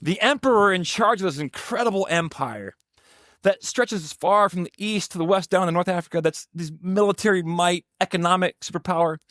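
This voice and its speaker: High-voiced pastor preaching, dry sound. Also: male voice, fairly quick, fairly bright tone, no echo. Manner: emphatic, repeating phrases for effect. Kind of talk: sermon.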